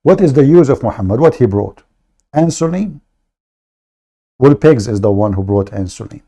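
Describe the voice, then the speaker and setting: On his livestream, this man delivers a heated rant at normal speed, his medium-pitched voice lively in intonation yet dark in tone. The host is combative, mocking and insulting, attacking aggressively.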